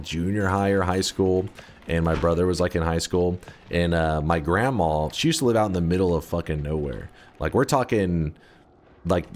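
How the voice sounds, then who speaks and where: A man's voice: low-pitched, darkish tone, a little hiss or hum. A man streaming a game live, rambling through stories in a casual, foul-mouthed way at a desk microphone. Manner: rambling storyteller, swears freely, laughs often.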